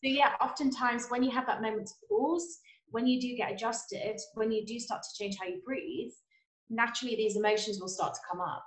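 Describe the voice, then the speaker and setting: A woman's voice: fairly high pitch, fairly even intonation, a little fast, roomy sound, low-quality recording. A woman chiropractor answering interview questions, earnest and explanatory. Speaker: chiropractor guest.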